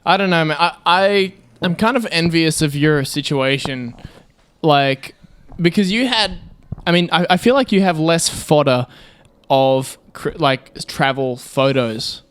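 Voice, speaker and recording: A man's voice: on the high side, unhurried, fairly bright tone, smooth. A man co-hosting a comedy podcast, chiming in with dry, brief remarks during casual banter.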